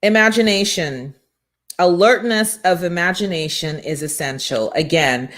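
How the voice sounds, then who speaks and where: A woman hosting a motivational morning show, talking in an energetic, preachy and emphatic way from a studio. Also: lowish voice, normal speed. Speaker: show host and business coach.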